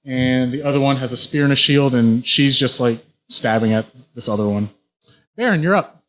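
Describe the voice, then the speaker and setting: A man's voice: medium pitch, moderate pace, fairly bright tone. A man running a tabletop game as game master, describing the action vividly with frequent restarts.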